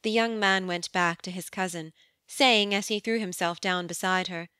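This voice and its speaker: Crisp, dry-voiced woman narrating a story. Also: fairly low pitch, dry recording. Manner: even, measured storytelling. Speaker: audiobook narrator. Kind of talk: scripted narration. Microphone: studio microphone.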